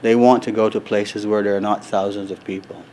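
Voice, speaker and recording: A middle-aged man answering interview questions at a convention in an earnest, measured way, with many fillers and restarts. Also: lowish voice, level tone, darkish tone, a little hiss or hum. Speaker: resort executive, interview guest. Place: convention floor.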